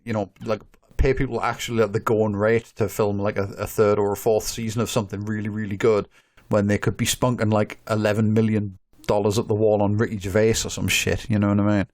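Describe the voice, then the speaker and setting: A man's voice: fairly low pitch, level tone, fairly quick, darkish tone. A man co-hosting a podcast in casual chat, rambling with lots of swearing and filler words. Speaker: podcast co-host.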